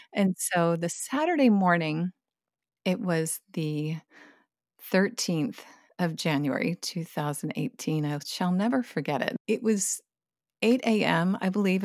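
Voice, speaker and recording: A woman, retelling a personal experience in conversation in a vivid, expressive way with bursts of laughter. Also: lowish voice, no room sound, studio quality. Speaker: guest sharing her experience.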